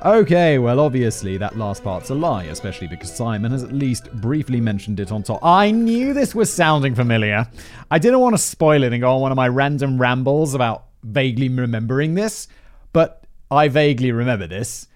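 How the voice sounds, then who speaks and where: A man's voice: mid-range voice, very animated, fairly quick, faint music behind. A man in his thirties hosting a podcast, reading a script with chatty, rambling asides and frequent laughter. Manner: rambling, laughs often, breaks off into tangents.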